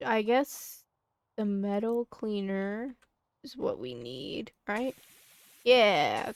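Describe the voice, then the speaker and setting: A woman's voice: mid-range voice, animated, extremely slow, dry recording. A woman streaming a game, chatting casually and muttering to herself as she plays. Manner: mutters to herself while playing.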